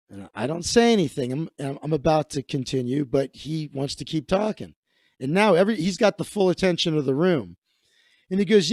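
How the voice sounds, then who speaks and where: A man who is a comedian telling a story, lively, acting out the voices of people in it. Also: fairly high pitch, moderate pace, no room sound, studio quality. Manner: animated, acts out the voices of the people in his story.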